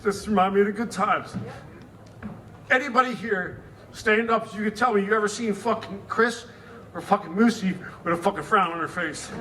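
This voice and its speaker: A man's voice: high voice, moderate pace, pushed and bright, a little hiss or hum. A man who has been drinking gives a rambling, profane eulogy for a friend, swearing constantly and chuckling through his stories. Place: memorial gathering.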